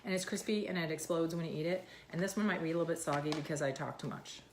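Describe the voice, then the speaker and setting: A woman's voice: deep voice, fast talker, a little hiss or hum. A woman in her thirties, chatting casually and rambling on camera at home. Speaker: vlogger. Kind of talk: casual chat. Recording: roomy echo.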